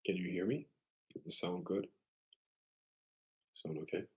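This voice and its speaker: A man with a very low voice talks at an unhurried, drawn-out pace as he hosts a casual live stream. He keeps things loose and clears his throat often between thoughts. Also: steady tone, fairly bright tone, poor audio.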